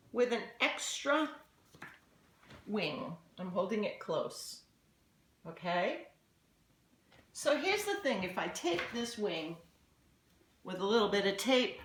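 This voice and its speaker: A woman's voice: medium pitch, fairly bright tone. A woman teaching an art lesson for children at home, chatty and encouraging, thinking aloud as she tries things out. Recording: echoey home room, faint noise.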